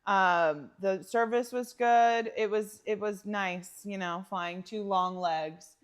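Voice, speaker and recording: A woman co-hosting a podcast in casual chat, telling stories with lots of laughter and animated asides. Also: medium pitch, slow pace, clear, resonant tone. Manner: animated storyteller, laughs often, acts out quoted lines. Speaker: podcast co-host.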